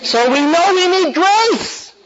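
A man's voice: very high-pitched, animated, takes it slowly, fairly bright tone. Man teaching a Bible class, dull lo-fi sound. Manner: questions the class and animates points.

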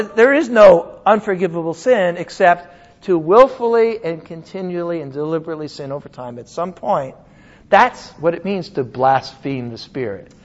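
A male pastor preaching a sermon in an animated, conversational way, with many asides and check-ins to the congregation. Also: high voice, muffled recording.

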